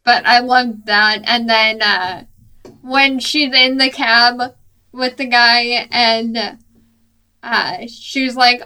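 A woman chats eagerly about a film she enjoyed, taking her time and filling pauses with uhs and likes. Her voice is bright and crisp and a little higher than most, and her pace is slow. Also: fairly even intonation. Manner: enthusiastic, unhurried, many fillers. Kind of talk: casual film discussion.

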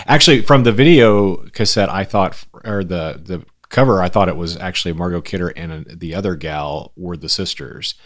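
A man's voice: deep voice, moderate pace, few pauses. A man chatting casually on a podcast about old movies in a rambling, wry, self-deprecating way. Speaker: podcast co-host. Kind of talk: casual chat.

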